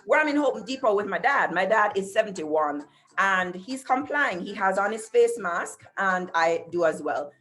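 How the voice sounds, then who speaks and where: A woman's voice: mid-range voice, lively intonation, moderate pace, a bit bright. A middle-aged woman hosting a talk show over a video call, telling stories emphatically and speaking straight to her audience. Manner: storytelling, addresses audience directly, emphatic. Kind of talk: casual talk show monologue. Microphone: computer mic on video call.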